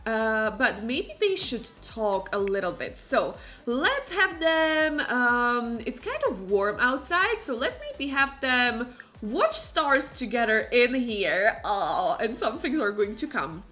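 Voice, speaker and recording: Bright chatty woman streamer. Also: fairly high pitch, sing-song, slow pace. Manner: chatty, exclamatory, many fillers. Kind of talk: casual gameplay commentary. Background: faint game music.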